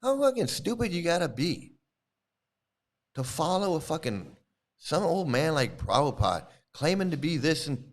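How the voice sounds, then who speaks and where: Angry, swearing man with a lively pitch. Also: moderate pace. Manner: angry, profane, confrontational. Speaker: YouTube channel host. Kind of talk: profane live-stream rant.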